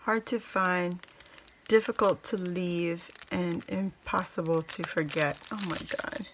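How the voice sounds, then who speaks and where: A woman unboxing a craft gift for her viewers in casual chat, gushing and exclaiming with delight, then slowing down to take it all in. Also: fairly low pitch, steady tone, a little hiss or hum. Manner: slow and drawn out between exclamations.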